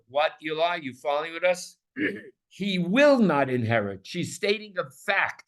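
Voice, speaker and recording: A man's voice: a little high, fairly bright tone. A man teaching a scripture lesson to a small class, emphatic and repeating words as he builds each point.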